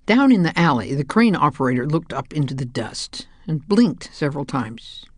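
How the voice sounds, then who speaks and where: A woman narrates a children's story in a calm, measured way. Her voice sits low, and the recording is dry and close with no room sound. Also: dry recording. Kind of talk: audiobook narration.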